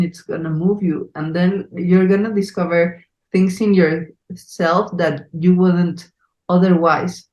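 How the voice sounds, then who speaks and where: Podcast host, woman with a Mexico City accent, earnest, unhurried, roomy sound. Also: lowish voice, darkish tone, muffled recording. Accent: Mexico City Spanish. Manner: earnest, effusive, many fillers. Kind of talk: conversational interview.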